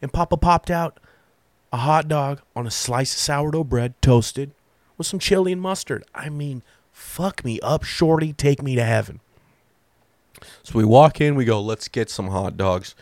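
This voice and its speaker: A man telling a long comic story in a profane, animated way, acting out the lines of the people in it. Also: on the high side, unhurried, no room sound. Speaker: comedian. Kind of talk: stand-up storytelling.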